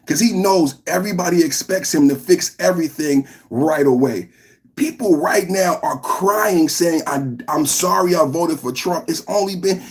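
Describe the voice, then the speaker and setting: Guy hosting a live podcast, ranting and firing off questions at chat, pretty high voice for a dude. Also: a little mellow. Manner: combative, ranting, rhetorical questions. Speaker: podcast host. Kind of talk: live political reaction, reading chat comments.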